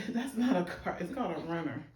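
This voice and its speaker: A woman's voice: fairly low pitch, fairly quick. A woman talking casually and with a teasing ease while she films her children baking in a home kitchen. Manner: relaxed, chatty, colloquial, teasing with her kids. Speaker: mother and home-schooling parent filming her kids. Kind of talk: casual home vlog chat. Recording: roomy with faint background noise.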